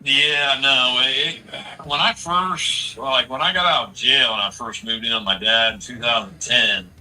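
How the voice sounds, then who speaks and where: A man's voice: mid-range voice, fairly even intonation, measured pace, sharp tone, far from the mic, rough recording. Blunt, profane man in his forties. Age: 40s. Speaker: streamer. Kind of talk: casual chat.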